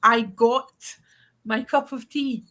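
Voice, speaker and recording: A woman's voice: on the high side, fairly even intonation, takes it slowly, pushed and bright. A Scottish woman co-hosting a tarot livestream, chatting casually, laughing often and swearing now and then. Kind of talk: casual chat.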